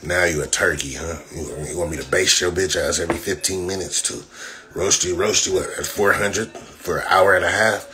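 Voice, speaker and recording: A man's voice: low voice, fairly even intonation, moderate pace, bright, forceful tone. Brash profane man ranting on a livestream. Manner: brash, profane, mocking trash talk. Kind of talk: livestream rant. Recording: noisy phone livestream audio.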